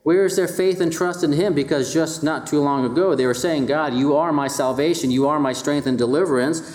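A man preaching a sermon, speaking with his listeners more than at them and leaning on rhetorical questions. His voice sits a little high. The room around him rings with echo. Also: a little fast, darkish tone. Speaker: pastor.

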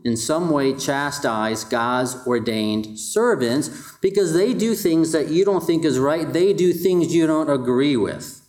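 A man's voice: mid-range voice, darkish tone. Man preaching, rhetorical questions, echoey room. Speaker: pastor. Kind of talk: sermon.

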